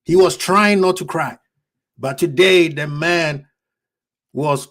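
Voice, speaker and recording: A man's voice: a little high, slow pace, pauses often, fairly bright tone. A man hosting a fan reaction stream, passionate and preachy, ranting at rival fans. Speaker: fan channel host.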